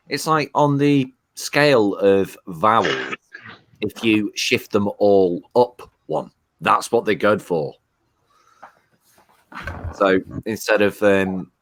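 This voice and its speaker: Low-voiced man who laughs a lot. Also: a bit bright. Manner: laughs often, rambling explanations. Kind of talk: casual chat.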